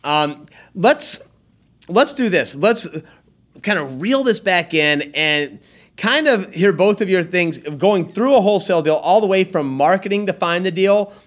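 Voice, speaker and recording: A man's voice: high voice, lively intonation, a little slow, fairly bright tone. A man hosting a casual podcast, chatty and joking as he steers the talk. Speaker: podcast host.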